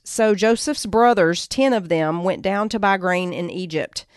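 A woman's voice: medium pitch, normal speed, hardly any pauses, clean tone, no room sound, clean studio sound. A woman podcast host retelling a Bible story in a conversational teaching style, reading quoted lines and adding asides.

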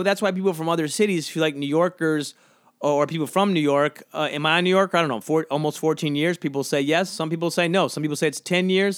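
A man's voice: a little high, no echo, clean studio sound. A man from the American South hosting a casual solo podcast, rambling and questioning himself with lots of fillers. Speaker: podcast host.

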